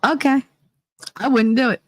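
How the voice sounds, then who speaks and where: A woman's voice: sits high, steady tone, normal speed, no room sound. A woman hosting a casual talk show, telling stories in a blunt, profane and rambling way. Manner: blunt and profane, heated retelling; rambling with many restarts. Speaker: podcast host. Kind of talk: casual opinion chat and storytelling.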